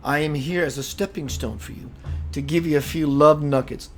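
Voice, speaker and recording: Man, fairly high voice, emphatic preacherly spiritual talk, soft music behind. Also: fairly even intonation, normal speed. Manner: emphatic, preacherly, calls viewers sister and brother. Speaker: spiritual teacher hosting a live show. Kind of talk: live-streamed spiritual talk reading viewer comments.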